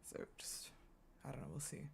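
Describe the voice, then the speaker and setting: A woman's voice: moderate pace, slight background noise. Brief: chatty woman streamer, reads aloud, interrupts herself laughing and cursing. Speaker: gaming streamer. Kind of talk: casual story reading with reactions.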